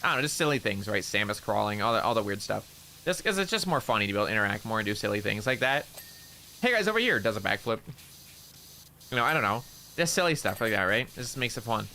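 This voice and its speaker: A man's voice: fairly low pitch, animated, fast talker, pushed and bright, a little hiss or hum. A man chatting casually on a gaming stream, rambling through funny stories with lots of laughing and swearing. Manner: rambling, laughing storyteller who swears a lot.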